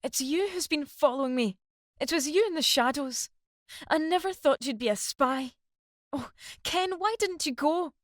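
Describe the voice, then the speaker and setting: A woman voicing a young wife who screams at her husband in a shrill, high voice. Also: moderate pace, no room sound, studio quality, close to an everyday voice. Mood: screaming. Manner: shrill, screeching, high-pitched.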